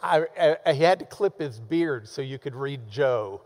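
A man's voice: medium pitch, expressive, a little slow, darkish tone, in a large hall. A man preaching a sermon as pastor, enthusiastic and emphatic, with playful asides.

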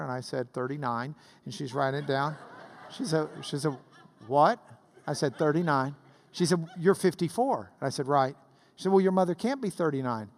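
A man, preaching to a class. His voice sits fairly high for a man. He moves between relaxed, joking storytelling and rising bursts of fervor. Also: gravelly. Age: 50s. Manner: storytelling with swells of rising intensity. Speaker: pastor. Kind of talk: sermon.

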